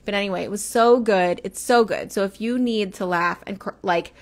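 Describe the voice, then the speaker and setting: A woman's voice: mid-range voice, moderate pace. Chatty lady on a livestream, rambling, answering comments as they come in. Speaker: livestream host. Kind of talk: casual livestream chat.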